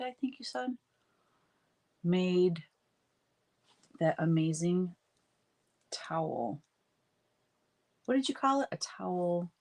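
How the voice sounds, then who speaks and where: Middle-aged woman, friendly live-stream host, lowish voice, slightly stuffy from allergies. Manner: chatty, reads out and greets viewer comments. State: sniffly from allergies. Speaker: livestream host chatting with viewers. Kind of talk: casual live stream chat while crafting.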